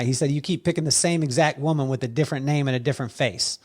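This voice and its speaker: A man telling stories as a podcast guest, animated and quoting others with lively voices. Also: fairly high pitch, fast talker. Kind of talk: storytelling conversation.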